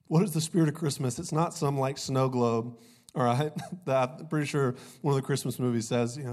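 A young pastor preaches in a loose, conversational way, throwing in "y'all" and small jokes. His voice is slightly rough from a cold, and he speaks into a stage mic. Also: medium pitch, fairly even intonation, brisk, a little mellow. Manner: conversational, jokey, says "y'all" often. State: recovering from a cold, voice a little off. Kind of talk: sermon.

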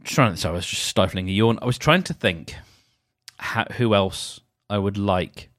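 A man's voice: fairly low pitch, moderate pace, a bit bright, dry recording. Rambling man, dry close sound. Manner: meandering, self-deprecating, many restarts. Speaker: podcast host. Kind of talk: rambling solo podcast chat.

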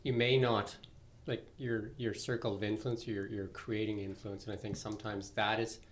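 A man's voice: on the low side, little pitch movement, moderate pace, a little hiss or hum. A man, hosting a podcast and talking in a reflective, rambling way. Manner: reflective, rambling, with frequent restarts. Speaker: podcast host. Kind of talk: casual conversational interview.

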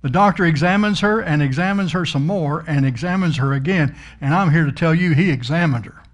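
Man preaching, middle-aged, folksy storyteller, emphatic, fairly high voice. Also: brisk. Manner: folksy, emphatic, swells up on key words. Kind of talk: storytelling sermon.

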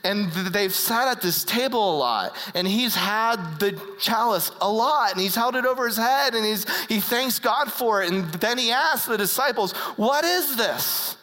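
A preacher giving an earnest sermon as a story, with frequent halting restarts. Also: mid-range voice, lively intonation, pushed and bright, big-room sound, poor audio.

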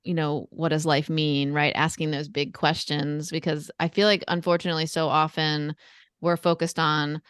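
A woman's voice: deep voice, little pitch movement, normal speed, a bit bright, smooth, no room sound, clean studio sound. A woman co-hosting a book podcast, talking in a thoughtful, reflective way. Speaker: book club podcast co-host. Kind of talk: casual book chat.

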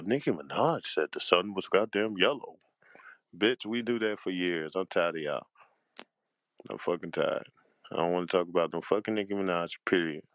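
Deep-voiced man on an angry profane rant. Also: a bit bright, no echo. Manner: profane, heated and exasperated, with a drawn-out tired delivery. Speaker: panel host.

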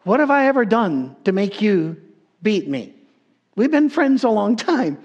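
A man's voice: big pitch swings, measured pace, a little mellow, lo-fi sound, full character voice. A man voicing a hurt, pleading talking donkey during a sermon story. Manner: high, strained, pleading voice.

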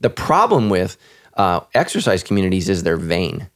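A man's voice: low-pitched, big pitch swings, moderate pace, a bit bright. A man who is a pastor and podcast host, talking earnestly, often repeating words and restarting. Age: adult with children. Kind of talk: casual podcast conversation.

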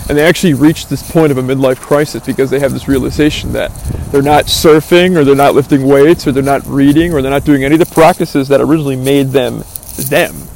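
A man with a gravelly, creaky voice of middling pitch talks through a reflective, philosophizing monologue. He muses earnestly, thinking aloud with asides and fillers. Faint rain patters in the background. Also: steady tone, fairly quick, darkish tone, a little hiss or hum.

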